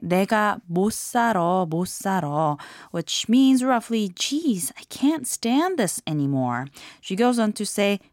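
A woman hosting a language lesson, explaining phrases clearly in scripted narration. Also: medium pitch, darkish tone, no echo, clean studio sound.

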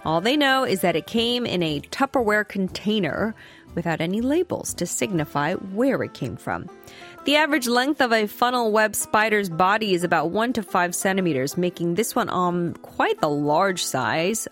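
A woman hosting a radio show, chatting casually and laughing often. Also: lowish voice. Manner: lively, laughs often, playful. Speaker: radio host.

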